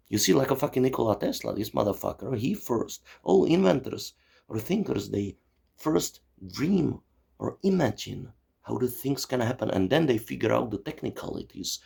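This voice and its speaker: Brisk and lively in intonation, this man speaks at medium pitch with a creaky, slightly mellow voice and a breathy edge. He's a Czechoslovak channel host in his forties, wandering through a swearing monologue filled with "you see" and "you know."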